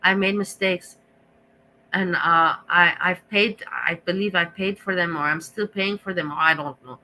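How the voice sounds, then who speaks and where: A woman's voice: lowish voice, moderate pace, sharp tone, a little hiss or hum, low-quality recording. A woman streamer talking to her viewers in an emotional, rambling monologue, with frequent swearing and restarts.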